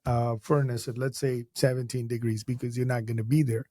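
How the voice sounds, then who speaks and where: A man's voice: medium pitch, flat delivery, brisk, warm tone, dry recording, studio quality. A man from Canada, an insurance broker guest, talking bluntly and frankly in a casual podcast chat, with jokes mixed in.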